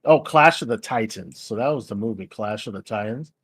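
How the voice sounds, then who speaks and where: A man's voice: on the low side, fairly quick, a bit bright, slightly rough, no echo. A man hosting a stream, rambling in casual, crude chat and laughing easily. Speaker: stream host.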